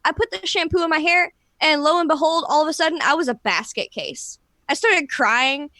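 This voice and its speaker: A woman with a high, bright-sounding voice chats casually with her podcast co-hosts. She tells stories in an animated way, jumping up in pitch when she quotes herself. The sound is dry and close. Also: normal speed, no room sound. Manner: animated, acts out her own past lines in a higher voice. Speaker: podcast co-host. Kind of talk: casual group chat, storytelling.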